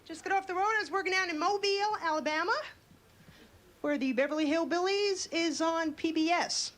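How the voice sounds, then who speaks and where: High-voiced young woman doing stand-up. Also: noisy background. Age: young adult. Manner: wry, quick punchlines. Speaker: stand-up comedian. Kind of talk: stand-up comedy routine. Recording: club stage mic over a laughing crowd.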